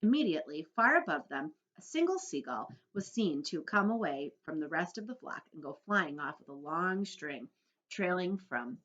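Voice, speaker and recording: A woman teacher with a fairly low voice reads a children's book aloud to her class at normal speed. She tells the story expressively, though the audio is dull.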